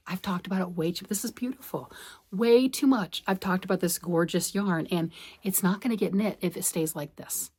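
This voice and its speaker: A woman's voice: fairly low pitch, fairly quick, creaky, a little mellow, husky. A middle-aged woman chatting casually as a knitting vlogger, rambling and talking to herself as she works, a little out of breath. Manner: chatty, rambling, self-talk while working. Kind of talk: casual chat.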